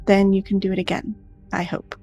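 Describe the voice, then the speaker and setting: A woman's voice: medium pitch, monotone, brisk, warm tone, lo-fi sound, soft background music, close to an everyday voice. A woman voicing a huge, blunt male orc general in a tabletop game, dry and sarcastic. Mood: grudging.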